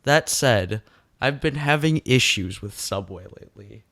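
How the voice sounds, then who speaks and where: Young male co-host, casual podcast rant, acts out both sides of dialogue, mid pitch. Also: lively intonation, measured pace, a bit bright. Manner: ranting, acts out customer exchanges.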